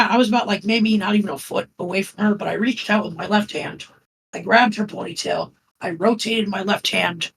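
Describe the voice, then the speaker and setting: A woman from Florida, a podcast guest, telling a story in a calm, even way with many fillers. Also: medium pitch, creaky, rough recording. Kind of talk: casual storytelling.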